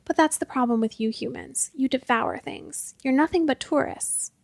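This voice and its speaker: A woman voicing a fiery, pointy-eared magical young woman who scolds and yells with a sharp tongue. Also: high voice, moderate pace, creaky, dry recording. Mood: heated.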